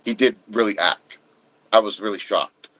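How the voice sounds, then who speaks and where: A man's voice: lowish voice, moderate pace, fairly bright tone, no room sound, low-quality recording. A middle-aged man hosting a livestream, chatting casually and ranting bluntly about his opinions. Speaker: livestream host.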